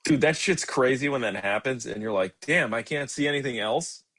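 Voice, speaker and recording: A young man co-hosting a movie podcast, chatting in a relaxed, agreeable way with casual swearing. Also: medium pitch, moderate pace. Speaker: podcast co-host. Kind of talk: casual chat.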